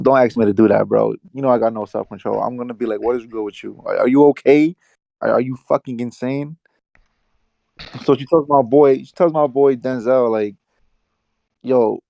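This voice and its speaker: A young man with a New York accent telling a rambling, animated work story on a casual podcast, full of slang and swearing. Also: medium pitch, creaky, no room sound. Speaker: podcast co-host.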